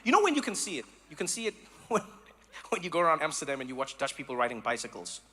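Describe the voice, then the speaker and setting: A man from South Africa doing stand-up comedy, animated and acting out voices and sounds. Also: fairly high pitch, quick pace, slight background noise. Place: live comedy venue.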